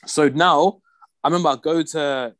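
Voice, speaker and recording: A man's voice: fairly high pitch, fairly even intonation, moderate pace, a bit bright, no room sound. A young man telling a rant story in casual chat, full of slang and acting out the people he quotes. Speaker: podcast regular.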